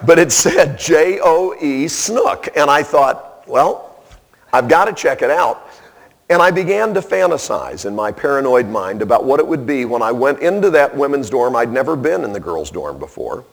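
A man preaching in a storytelling style, animated and self-deprecating. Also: mid-range voice, normal speed, vocal fry, few pauses. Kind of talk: storytelling sermon.

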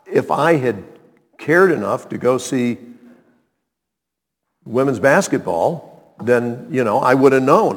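Older man, live storyteller, animated, emphatic exclamations, wry asides, mid pitch, long hall reverb. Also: slow pace, long pauses, breathy edge. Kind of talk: live personal storytelling to an audience. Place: hall with a seated audience.

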